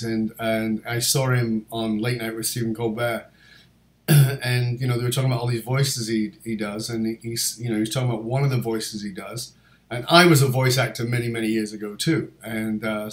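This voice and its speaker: A man's voice: mid-range voice, steady tone, moderate pace, reverberant. A man hosting a podcast interview, telling a rambling story full of fillers and restarts. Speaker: podcast host. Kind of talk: casual interview chat.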